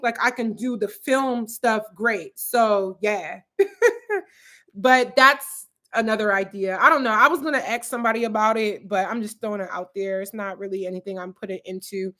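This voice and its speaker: Her voice a little high and somewhat bright, a twenty-something YouTuber from Philadelphia livestreams from home in her apartment. She goes through viewer comments while chatting aimlessly, her speech full of "like" and "um."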